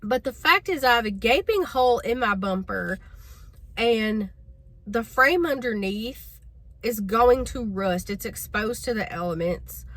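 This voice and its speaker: Woman vlogger, casual storytelling, bright clear voice, exasperated. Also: on the high side, animated, a little slow. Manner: chatty, exasperated, addresses viewers as y'all.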